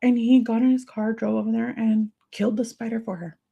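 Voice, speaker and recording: A woman's voice: a little high, little pitch movement, a little fast, creaky, dark tone, husky, lo-fi sound. A woman hosting a livestream, talking to viewers in a confiding, emotional, sympathetic way. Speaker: livestream host.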